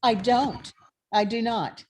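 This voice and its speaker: A woman's voice: fairly high pitch, slow pace, darkish tone, a little hiss or hum. A woman professor giving an online history lecture in a conversational way, thinking aloud with frequent fillers.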